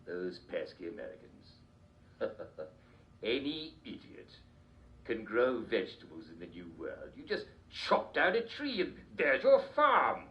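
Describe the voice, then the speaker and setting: An actor playing a mad, giggling old British king with a British accent, talking in excitable bursts that swing from mumbles to shrieks in a comic game radio sketch. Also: mid-range voice, measured pace, lo-fi sound, slight background noise. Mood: scornful. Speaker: interview guest.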